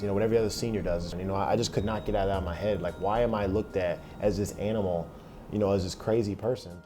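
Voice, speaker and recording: A young man in a documentary interview, telling his story in a plain, halting way, full of "like" and acted-out quotes. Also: lowish voice.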